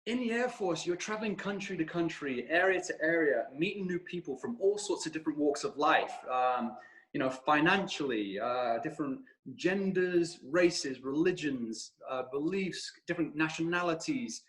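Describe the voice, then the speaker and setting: Animated British man, higher voice. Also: moderate pace, rough recording. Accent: British, shifting between regions. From England. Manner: animated storyteller, many restarts. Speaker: podcast guest, actor. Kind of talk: casual conversation.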